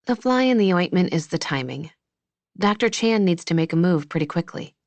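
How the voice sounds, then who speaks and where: A wry young woman doctor who slips deadpan jokes into her talk, as a woman reads her. The voice is low and the sound dry, close and clean. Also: normal speed, no echo.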